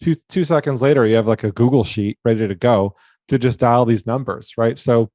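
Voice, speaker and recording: A man speaking as a guest in a casual business talk, relaxed, thinking aloud and often adding "right?". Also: medium pitch, fairly quick, dry recording, studio quality.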